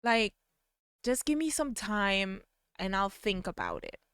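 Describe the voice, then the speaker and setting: A woman voicing a gentle, evasive young woman, speaking in a quiet, soothing, hesitant way. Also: medium pitch, expressive, unhurried, clean tone, dry recording, studio quality.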